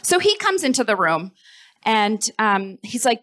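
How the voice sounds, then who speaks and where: A woman performing a comic personal story on stage, animated and self-mocking, speeding up in breathless rushes. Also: mid-range voice. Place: festival stage.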